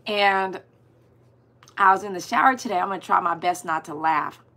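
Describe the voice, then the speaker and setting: A woman's voice: fairly low pitch, moderate pace, pushed and bright. A woman hosting a livestream, chatting casually and greeting viewers by name. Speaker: dog groomer hosting a livestream.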